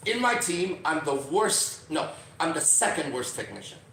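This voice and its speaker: A man's voice: fairly high pitch, sing-song, moderate pace, fairly bright tone. A man hosts a podcast and tells a story with energy, checking in with "right?" as he goes. His voice sits in a roomy, echoing space, heard from some distance off the mic, with a faint hiss behind it. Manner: acts out quoted lines, often adds "right?". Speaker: podcast host. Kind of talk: animated storytelling.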